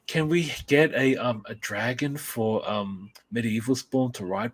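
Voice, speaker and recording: A man co-hosting a relaxed chat about comics and films. He talks in an eager, rambling way, often restarting his sentences. His voice sits in an ordinary middle pitch. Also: unhurried, few pauses, slightly rough. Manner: rambling, enthusiastic, many restarts. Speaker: podcast co-host.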